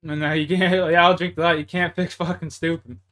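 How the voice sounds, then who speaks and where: A man's voice: fairly high pitch, little pitch movement, moderate pace, a bit bright. A young man with a Canadian accent, venting in a heated, profanity-heavy rant to his livestream chat while gaming. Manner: profane, heated, frustrated ranting.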